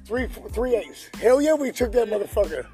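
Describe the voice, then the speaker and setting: Rowdy high-pitched man telling stories. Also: big pitch swings, normal speed, mellow, faint music behind. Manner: rowdy, profane, laughing. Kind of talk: casual storytelling banter.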